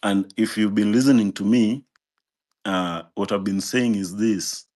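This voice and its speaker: A man argues his case in a live online discussion. He speaks slowly in a low voice and pauses often on fillers as he searches for words. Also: a little mellow. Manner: hesitant, many filler pauses. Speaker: guest debater. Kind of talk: measured argument.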